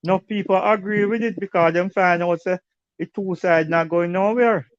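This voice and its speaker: A man's voice: sits high, steady tone, normal speed, clear, resonant tone, no echo, highs cut off. A man chatting as a guest, telling a story loosely in patois. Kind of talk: casual chat in patois.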